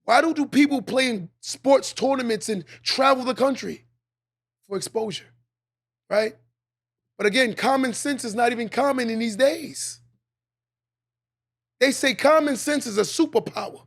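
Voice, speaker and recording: High gravelly guy, preaching hard on his podcast, repeats himself for punch. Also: normal speed, long pauses, fairly bright tone. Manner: preachy, emphatic, repeats lines for effect. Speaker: podcast host. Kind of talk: motivational monologue.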